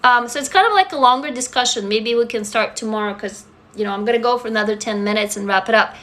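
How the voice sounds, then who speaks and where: A woman's voice: fairly high pitch, fast talker, a bit bright. A woman in her forties with a faint foreign accent, chatting candidly on a livestream, swearing freely and talking straight to viewers. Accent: foreign, mostly faded. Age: 40s. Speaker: livestream host. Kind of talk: casual live chat answering viewers.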